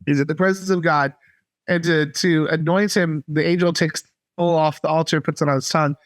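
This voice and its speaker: A man from North Carolina, a podcast guest, telling a faith story earnestly and haltingly. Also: a little high, steady tone, no room sound. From North Carolina, USA. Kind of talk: casual faith testimony.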